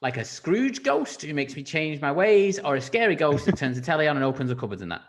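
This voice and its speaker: Sweary farmer, played by a man, put-on rural accent, blunt and offhand, very lively pitch. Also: fairly quick, background noise. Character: gruff, crude male farmer with a rural accent. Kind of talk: improvised comedy scene.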